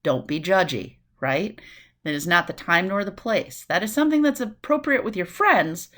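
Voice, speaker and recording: A woman from New City, giving a recorded nursing lecture in a lively way, acting out quick voices and asides. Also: fairly low pitch. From New York City. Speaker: nursing instructor.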